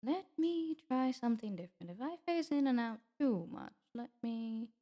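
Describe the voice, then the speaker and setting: A woman's voice: a little high, sing-song, moderate pace, dark tone. A woman streamer chatting in character with viewers at her debut, theatrical and affectionate, calling them darling. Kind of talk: in-character livestream debut chat.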